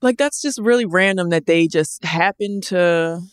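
A woman co-hosting a podcast in casual chat, animated, laughing often and repeating herself. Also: fairly low pitch, measured pace, smooth, dry recording, studio quality. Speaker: podcast co-host.

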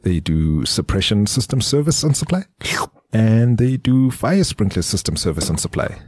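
Guy on a podcast, low dark voice, bit husky, dry close sound, rambly and laughing a lot. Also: no echo. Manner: loose, rambling, with restarts and quick laughs. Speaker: podcast co-host, business strategist. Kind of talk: casual podcast chat and ad reads. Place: studio.

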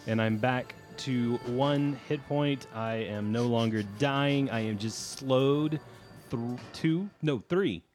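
A man's voice: mid-range voice, takes it slowly, darkish tone, faint music behind. A man playing a tabletop game, dryly reading out rules and his dice rolls. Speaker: player. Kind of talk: casual tabletop play.

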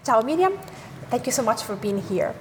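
Higher-voiced Italian woman hosting a podcast. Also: big pitch swings, normal speed, a little hiss or hum. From Tuscany, Italy. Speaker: podcast host. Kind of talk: scripted podcast intro and interview.

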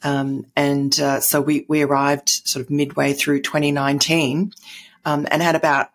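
A woman's voice: deep voice, little pitch movement, moderate pace. A middle-aged Australian woman, a guest in an interview, telling stories in a rambling way with many fillers and restarts. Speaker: guest columnist. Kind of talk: conversational interview.

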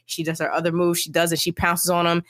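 A woman co-hosting a podcast, rambling in an animated way, with many uses of "like". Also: on the low side, fast, no echo, clean studio sound. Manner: rambling, animated, heavy use of filler "like". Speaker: podcast co-host. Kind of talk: casual chat.

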